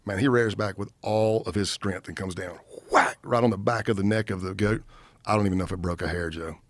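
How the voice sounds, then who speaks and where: A man in his fifties tells his story with a lively, storyteller's energy and acts out the other people's lines as he goes. His voice sits low. It is dry and close, with no room sound around it. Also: fairly quick, dry recording. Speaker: retired undercover agent, podcast guest. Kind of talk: storytelling in a podcast interview.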